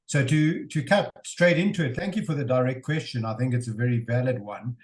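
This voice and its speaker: A man's voice: mid-range voice, brisk. Courteous man in an echoey room. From South Africa. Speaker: guest speaker. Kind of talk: academic talk.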